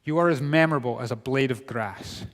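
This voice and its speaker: A man's voice: medium pitch, brisk. Scottish man preaching in a reverberant hall. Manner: humorous, wry storytelling with sudden drops to quiet. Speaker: youth speaker. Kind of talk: sermon. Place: large hall.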